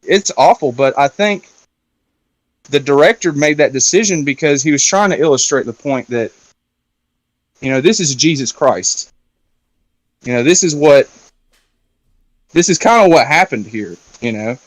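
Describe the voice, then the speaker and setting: Chatty man retelling a film, higher voice. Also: expressive, moderate pace, long pauses, dry recording. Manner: loose and chatty, with frequent fillers and swearing. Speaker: round-table discussion guest. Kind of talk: casual chat, retelling a film plot.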